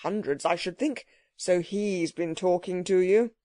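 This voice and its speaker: A woman's voice: dark tone, dry recording, close to an everyday voice. A woman reading as a bluff, hearty stout man. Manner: bluff, brisk, booming.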